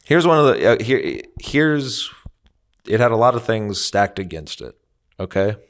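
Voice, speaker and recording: A young man from the American Midwest co-hosting a comedy podcast, making wry, sarcastic remarks in quick asides. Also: lowish voice, very animated. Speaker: podcast co-host. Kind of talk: casual comedic chat.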